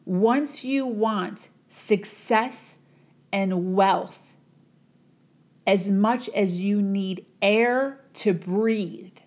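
A woman doing a calm, quiet guru. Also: on the low side. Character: calm wise older male guru.

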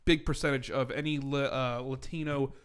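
A man's voice: medium pitch, steady tone, normal speed, clean tone. A man co-hosting a podcast in casual chat, playful and argumentative, swearing often. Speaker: podcast co-host.

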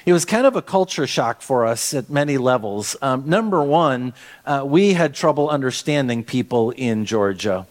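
A middle-aged man from Minnesota preaching a sermon as pastor, talking in a conversational, storytelling way with lively asides. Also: mid-range voice, moderate pace.

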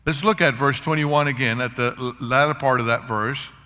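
Older male pastor, bright voice. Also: medium pitch, steady tone, moderate pace. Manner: earnest, varied emphasis, storytelling. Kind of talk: sermon. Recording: long reverb of a large hall.

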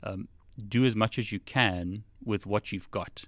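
A man's voice: lowish voice, a little slow, a bit bright, no room sound. A man co-hosting a live stream, giving plain-spoken advice on study time. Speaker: co-host.

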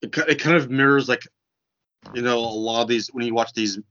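A man in a casual book discussion, explaining his views in an animated way, with lots of "like". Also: medium pitch, a little fast. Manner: animated, filler-heavy explaining. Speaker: discussion participant. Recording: dull lo-fi sound.

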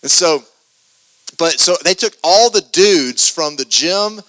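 Animated preacher telling a story. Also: male voice, fairly high pitch, slow pace, no echo. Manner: animated storyteller, lots of repeated starts. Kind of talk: sermon storytelling.

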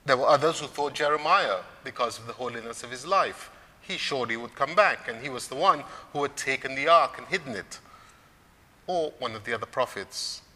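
Man, sermon, bright forceful voice, measured preaching, rising emphasis, long church reverb. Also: medium pitch. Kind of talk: sermon on scripture.

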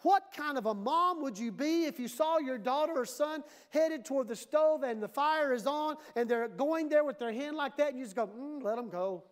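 A woman's voice: sits high, moderate pace, hardly any pauses. A woman pastor preaching a sermon in a church, emphatic and conversational, often acting out the voices she quotes.

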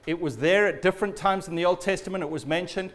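A man preaching a sermon in a storytelling way, often dropping low and quiet at the ends of phrases. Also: fast talker.

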